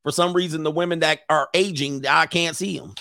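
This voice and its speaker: A man's voice: on the high side, fairly even intonation, fairly quick, gravelly, pushed and bright, dry recording, clean studio sound. A man in his forties, a relationship coach chatting casually on a livestream, joking and rambling and laughing often. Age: 40s.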